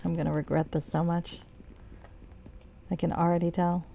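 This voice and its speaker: A woman's voice: lowish voice, little pitch movement, moderate pace, creaky, dull audio, a little hiss or hum. A woman streaming a game, chatting casually and rambling, swearing freely and joking about herself. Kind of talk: casual live-stream commentary.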